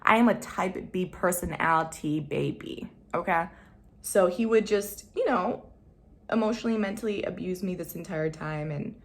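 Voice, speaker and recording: A young woman vlogger telling a personal story to camera, candid and slangy, swinging between loud emphasis and hushed asides. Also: fairly low pitch, normal speed. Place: home room.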